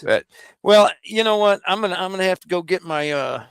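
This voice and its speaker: Gravelly guy on a stream, stammers a lot, cracks jokes, dry sound. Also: high-pitched, animated, no room sound. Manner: halting, stammers and repeats, joking. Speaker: co-host. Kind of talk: casual chat.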